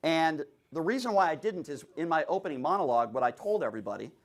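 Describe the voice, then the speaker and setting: A man explains his side of an online debate in a measured way, pausing as he goes. His fairly high voice moves around a lot in pitch. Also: lively intonation. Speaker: debate opponent.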